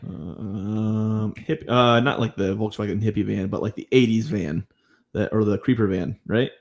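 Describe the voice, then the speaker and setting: A man co-hosting a podcast, chiming in with relaxed questions and remarks in casual chat. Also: on the low side, unhurried. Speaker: podcast co-host.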